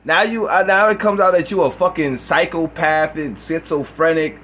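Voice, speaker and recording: A man's voice: on the high side, fairly even intonation, normal speed, fairly bright tone, faint music behind. Heated man ranting on a reaction video. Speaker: YouTuber.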